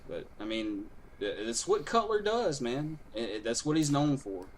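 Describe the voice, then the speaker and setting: A man's voice: medium pitch, very animated, moderate pace, a little hiss or hum. A man co-hosting a casual sports podcast, jumping in to argue and push back on the others. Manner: argumentative, jumps in to push back.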